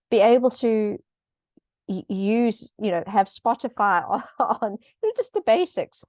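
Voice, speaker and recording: Middle-aged woman, chatty panel expert, mid pitch, dry close sound, easygoing with the odd "um". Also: a little mellow, no room sound. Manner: chatty, with light laughs and frequent ums. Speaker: governance expert speaking on a panel. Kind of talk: conversational explanation in an online event.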